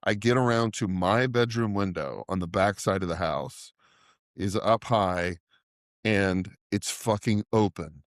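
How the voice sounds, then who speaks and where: A man's voice: fairly low pitch, unhurried, no room sound, clean studio sound. A middle-aged man co-hosting a podcast, telling a rambling, profane anecdote in casual chat and laughing often. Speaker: podcast co-host.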